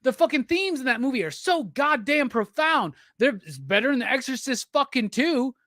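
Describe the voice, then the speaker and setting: A man's voice: very high-pitched, big pitch swings, moderate pace, pushed and bright, no room sound, clean studio sound. A man hosting a casual livestream chat, drunk, profane and teasing as he rambles. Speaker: livestream host.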